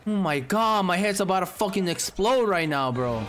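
A young man commentating his own live gameplay, cursing freely and swinging from low muttering to loud yelling. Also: lively intonation, moderate pace, hardly any pauses, soft background music. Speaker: gaming streamer.

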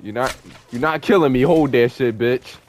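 A young man commentating his online gameplay, taunting and cursing at opponents in an excitable, profane way. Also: medium pitch, normal speed. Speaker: gamer streaming online play. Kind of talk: trash-talking gameplay commentary.

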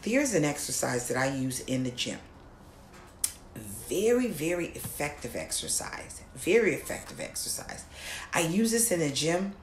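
A woman voice coach teaching an online lesson, who often repeats herself and checks in with "okay?", now and then singing or shouting demonstrations. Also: sits low, sing-song, moderate pace, roomy sound, slight background noise. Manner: repeats words, checks in with "okay?" and "all right?"; sings demo lines and shouts "ha!" exercises.

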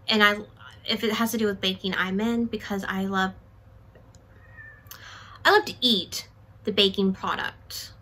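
A chatty woman presenting her latest book haul, with a bright, sharp-edged tone and a slightly high voice. She talks casually and excitably, often poking fun at herself. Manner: chatty, excitable, self-deprecating. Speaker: book vlogger.

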